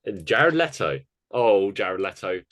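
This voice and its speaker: A man with a fairly low voice co-hosts a relaxed podcast, rattling through award picks in quick lists. The sound is dry and close. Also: no echo. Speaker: podcast co-host. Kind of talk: casual chat.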